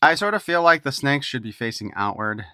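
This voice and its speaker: A man's voice: mid-range voice, animated, fairly quick, sharp tone, clean tone, dry recording, clean studio sound. A man giving a casual toy unboxing review, reading a file card aloud and breaking off for irreverent wisecracks.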